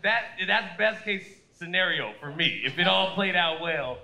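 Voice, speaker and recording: High-voiced male stand-up comic. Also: a little slow, vocal fry. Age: 30s. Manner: animated, profane, acts out quoted voices. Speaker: stand-up comedian. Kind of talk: stand-up comedy set. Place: comedy stage before a live audience. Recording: roomy live venue with audience noise.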